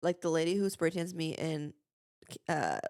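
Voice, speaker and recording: A young woman co-hosting a podcast, chatting casually about her upcoming wedding, with frequent vocal fry. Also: sits low, expressive, moderate pace, a little mellow, dry recording, clean studio sound. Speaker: podcast co-host. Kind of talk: casual chat. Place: small room.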